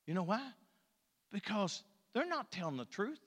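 A man's voice: high-pitched, very animated, moderate pace. Folksy preacher man in a reverberant hall. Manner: folksy, joking, swings between loud and soft. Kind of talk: sermon.

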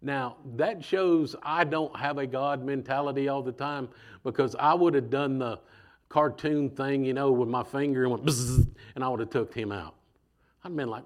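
A man preaching a sermon in a conversational, animated way, acting out voices as he goes. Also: mid-range voice, unhurried, pauses often.

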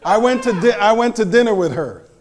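A man giving a live talk to an audience, animated and joking, teasing the crowd as he goes. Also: high-pitched, fairly quick, slight background noise. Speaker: speaker presenting to an audience.

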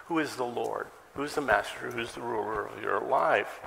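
A man's voice: medium pitch, moderate pace, vocal fry, sharp tone, big-room sound, a little hiss or hum. A male pastor preaching a sermon in a conversational way, asking many questions and adding self-deprecating asides. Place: church sanctuary.

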